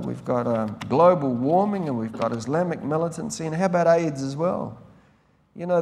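New pastor preaching in a reverberant hall. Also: male voice, a little high, gravelly, a little mellow. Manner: conversational and rambling, with frequent restarts. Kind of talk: sermon.

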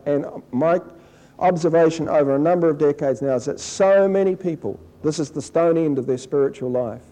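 A middle-aged man preaching a sermon in a conversational way, acting out people's complaints in a higher, whiny voice. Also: brisk, warm tone, rough recording. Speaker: pastor.

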